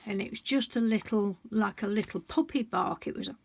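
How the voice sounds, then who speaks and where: A woman's voice: mid-range voice, fairly quick, vocal fry, no room sound. A woman in her sixties, talking heartfelt and confiding in a rambling way to her vlog viewers, often breaking off and restarting her sentences. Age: 60s. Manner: rambling, self-interrupting storytelling; emotional and confiding. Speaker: colouring book vlogger. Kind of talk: heartfelt casual chat.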